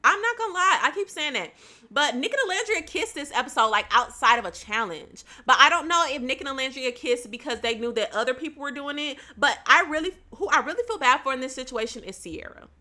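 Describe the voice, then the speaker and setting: A woman's voice: high-pitched, lively intonation, brisk, sharp tone. A young woman, chatting casually on a home livestream, laughing often and addressing viewers by name.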